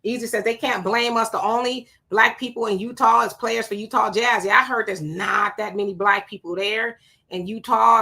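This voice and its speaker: A sweating woman hosts a casual livestream in a slightly high, gravelly voice with a bright, forceful tone. She greets viewers by name and chats over their comments, mixing in rhetorical questions and asides.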